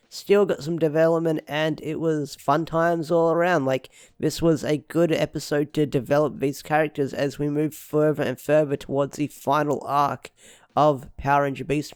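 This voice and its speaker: A man's voice: a little high, steady tone, normal speed, few pauses, darkish tone, smooth, no room sound, studio quality. A young man giving a casual, rambling review of a TV episode, repeating himself with lots of fillers. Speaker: show reviewer.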